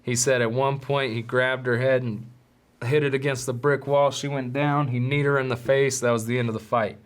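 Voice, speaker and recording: A man hosting a podcast, telling a story in a casual, animated, profane way with street slang. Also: mid-range voice, moderate pace. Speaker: podcast host.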